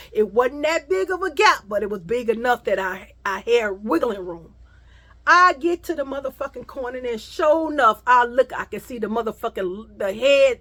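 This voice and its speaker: A woman's voice: on the high side, fairly bright tone. A woman vlogger telling a dramatic, profanity-laden story in a storytime vlog.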